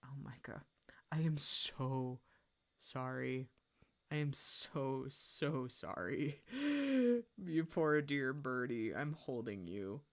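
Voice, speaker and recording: A young adult woman chatting casually on a livestream while she draws, excitable and gushing, laughing often. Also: extremely low pitch, slow. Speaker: art streamer.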